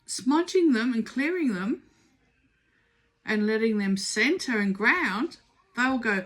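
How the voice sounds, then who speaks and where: A middle-aged woman talks through a tarot reading in a loose, conversational way. She is emphatic and urging, circling back and repeating phrases to drive each point home, in a voice that sits somewhat high for a woman. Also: animated, takes it slowly, pauses often. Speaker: tarot reader. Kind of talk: casual spoken tarot reading.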